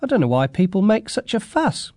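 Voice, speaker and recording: A man reading a relaxed young boy's lines in a storybook. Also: high voice, brisk, dry recording, clean studio sound. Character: young boy, easygoing and unbothered.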